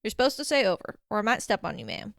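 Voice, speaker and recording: Woman voicing a rough Southern ghost radioman. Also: fairly high pitch, expressive, brisk, a bit bright, dry recording, studio quality. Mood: brisk upbeat. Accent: slight American Southern twang. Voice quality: rough, upbeat, formal radio talk. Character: cheerful middle-aged male radio ghost soldier.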